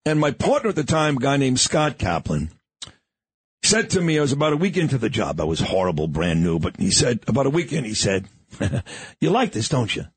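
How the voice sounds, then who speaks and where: A man's voice: medium pitch, fairly quick, breathy edge, no room sound. A middle-aged man hosting a radio show, chatting and interviewing a guest in the studio. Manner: animated, conversational, interviewing. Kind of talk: casual on-air interview chat.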